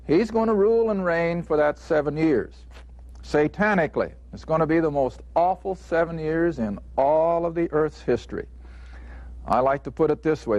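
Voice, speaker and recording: Guy teaching bible class, earnest, bit high voice, dull dry tape sound. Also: a little mellow, no echo. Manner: earnest, emphatic, plainspoken. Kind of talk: conversational Bible lesson. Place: studio taping.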